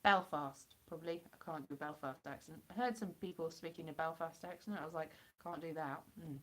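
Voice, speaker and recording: A hoarse woman from the United Kingdom rambling and joking as she chats with viewers on a live stream through a computer mic. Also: deep voice, fairly quick. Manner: rambling and jokey, chatting to viewers. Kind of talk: casual live-stream chat answering viewers.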